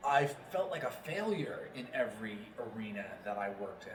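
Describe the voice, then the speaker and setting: A man's voice: mid-range voice, very animated, a little fast. A man from New York, a voiceover actor, talking casually as an interview guest and rambling with many fillers. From New York, Long Island. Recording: roomy, distant mic.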